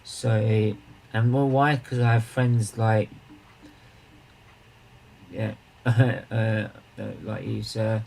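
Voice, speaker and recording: A man hosting a casual charity livestream, rambling and repeating himself, with bursts of excited emphasis. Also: mid-range voice, takes it slowly, gravelly, slight background noise, poor audio.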